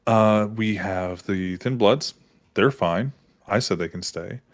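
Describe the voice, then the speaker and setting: A man's voice: lowish voice, slow. A man playing a smug, menacing male vampire prince with curt, sardonic lines.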